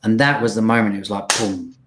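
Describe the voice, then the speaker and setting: Man, young adult, slightly low voice, earnest, halting, personal storytelling. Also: steady tone, background noise. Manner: earnest, halting, frequent restarts and fillers. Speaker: speaker telling his recovery story.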